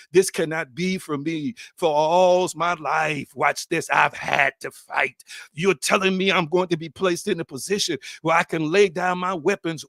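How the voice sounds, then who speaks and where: Male preacher, fairly high voice, dry close sound, dramatic, swings loud to hushed. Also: dry recording. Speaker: spiritual speaker. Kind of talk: sermon.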